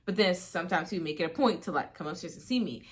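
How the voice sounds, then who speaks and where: A woman's voice: fairly low pitch, quick pace. Chatty young woman telling a storytime. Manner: casual and chatty, full of fillers like "you know what I mean". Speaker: vlogger. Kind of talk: storytime vlog.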